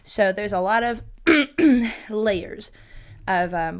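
A woman's voice: medium pitch, measured pace, clean tone. Scratchy-voiced young woman podcasting solo. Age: 20s. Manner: rambling, self-mocking, chatty with many fillers. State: slightly hoarse, keeps clearing throat. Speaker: podcast host. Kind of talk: casual solo podcast chat.

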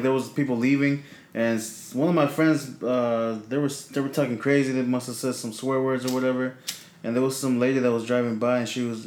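Casual profane man telling stories. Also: medium pitch. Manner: relaxed, profane, laughs while telling stories. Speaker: podcast co-host. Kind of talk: casual podcast chat, storytelling. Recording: roomy echo.

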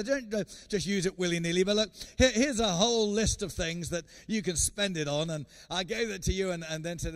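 A man preaching a sermon as an evangelist guest speaker, telling a story in an animated way and often repeating words. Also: high voice, normal speed, few pauses. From England.

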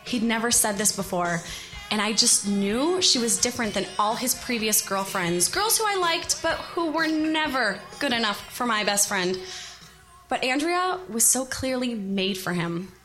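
A woman in her thirties telling a personal story to an audience, animated, expressive and self-deprecating. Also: on the high side, normal speed, faint music behind.

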